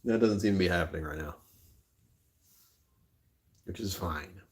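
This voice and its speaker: Male streamer, very low voice, rambling and self-mocking, phone mic. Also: measured pace. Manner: rambling, joking, laughs often. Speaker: livestream host. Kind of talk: casual livestream chat. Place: indoors on a rainy afternoon.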